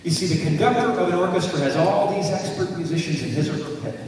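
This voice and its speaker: Heard distantly in a reverberant hall over noise, a man with a high voice speaks fast. He's a motivational speaker who weaves in stories and asks the audience questions.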